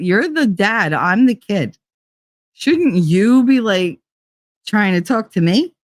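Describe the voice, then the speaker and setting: A woman hosting a casual chat show, telling a story in a blunt, animated way and swearing freely. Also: fairly low pitch, dry recording. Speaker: host.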